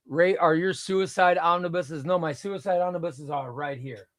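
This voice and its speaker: A man's voice: a little high, unhurried, few pauses, dry recording, studio quality. A middle-aged man hosting a casual comic book livestream, rambling and reading chat aloud.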